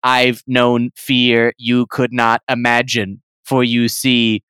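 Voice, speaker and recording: A man voicing a vengeful ghost girl in a computer-mecha form, speaking low, slow and menacing in a broken computer voice. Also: level tone, fairly bright tone, smooth, no echo.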